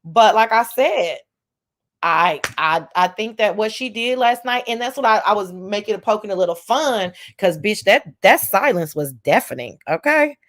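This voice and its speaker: A woman's voice: medium pitch, lively intonation, normal speed, fairly bright tone. Sarcastic, profane woman host. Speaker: show host. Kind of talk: casual commentary chat.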